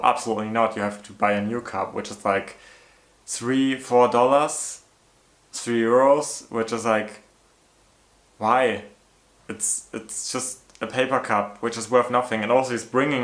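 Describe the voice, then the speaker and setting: A man's voice: on the low side, a bit bright. Chatty man in a roomy echo. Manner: chatty, many "like" fillers, exasperated retelling. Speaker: storyteller. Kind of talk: casual storytime vlog.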